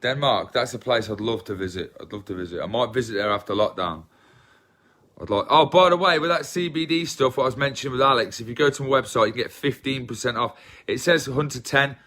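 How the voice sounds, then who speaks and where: Brisk and slightly bright, this mid-range male voice belongs to an English livestream host with an English accent. He chats casually with his viewers, rambling and poking fun at himself.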